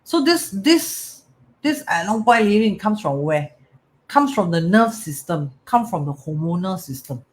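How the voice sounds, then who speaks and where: A man's voice: high-pitched, sing-song, measured pace. A man with a Singaporean English accent giving a motivational talk as a metaphysics teacher, repeating phrases and often checking in with "right?" and "correct?".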